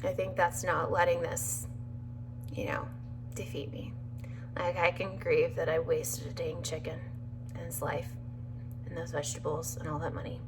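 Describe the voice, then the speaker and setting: A woman's voice: low voice, level tone, moderate pace, pauses often, background noise. A tired woman talking in a casual video diary from her home kitchen, rambling and emotional, laughing through sadness. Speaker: vlogger recovering from surgery.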